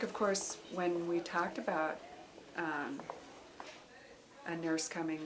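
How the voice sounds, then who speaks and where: A woman nursing faculty member in a documentary interview, speaking softly and hesitantly. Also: sits low, a little hiss or hum, rough recording. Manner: hesitant, soft-spoken.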